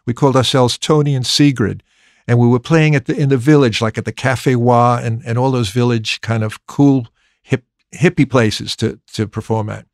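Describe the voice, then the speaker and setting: A man in a conversation spins a long anecdote, doubling back on his words and restarting sentences as he goes. His voice sits at a middle pitch and sounds close and dry, with no room behind it. He slips into the voices of people he remembers. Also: normal speed, no echo. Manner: lively, acts out remembered dialogue; frequent restarts and repeated words. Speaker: record producer guest.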